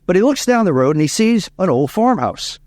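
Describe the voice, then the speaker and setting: A man's voice: high-pitched, big pitch swings, brisk, a little mellow, dry recording. A man from Louisiana, a speaking coach telling stories in an interview, emphatic and repeating key lines. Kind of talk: interview storytelling.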